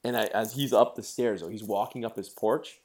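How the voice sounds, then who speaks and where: Lower-pitched man telling gritty stories. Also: brisk. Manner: animated storyteller, swears, laughs while telling. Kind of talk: casual chat.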